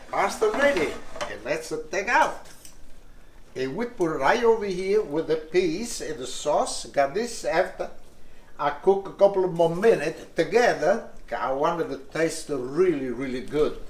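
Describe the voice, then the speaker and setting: A man's voice: a little high, lively intonation, a little slow, reverberant. An older man from Italy with a strong Italian accent, hosting a home cooking lesson in broken English and repeating words with enthusiasm. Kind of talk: casual cooking demonstration. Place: home kitchen.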